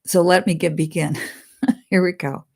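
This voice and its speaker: A woman with a low-set speaking voice reads spiritual messages aloud to her audience. She often breaks off to explain them in simpler words and laughs at her own slips. Her tone stays earnest, and she speaks to listeners as friends. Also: steady tone, a little slow, slightly rough. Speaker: psychic medium.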